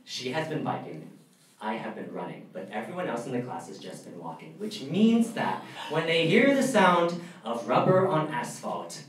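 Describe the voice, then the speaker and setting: On a college comedy club stage before a live audience, a young man tells stories in an animated stand-up set, his voice jumping high and squeaky when he gets excited. The room is echoey, he's captured from a distance, and there's faint noise.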